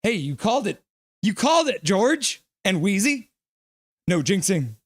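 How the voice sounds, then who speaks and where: Male fan stream host, high and dry-sounding, excitable play-by-play caller who reads out the chat. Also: unhurried, dry recording. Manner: excitable, reads viewer comments aloud.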